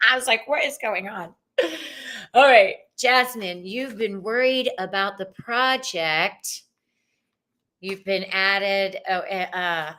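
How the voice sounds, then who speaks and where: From her living room, a woman hosts a live stream of tarot readings, chatting casually with viewers in a bubbly, spiritual manner with lots of "likes" and "ums." Her voice is fairly low, bright, and forceful.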